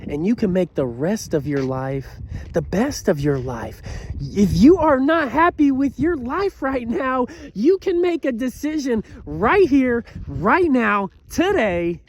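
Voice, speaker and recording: A man in his thirties giving a motivational talk to camera, earnest and preachy, who keeps asking "you know what?" and swings between loud bursts and quiet, low passages. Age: 30s. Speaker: motivational speaker.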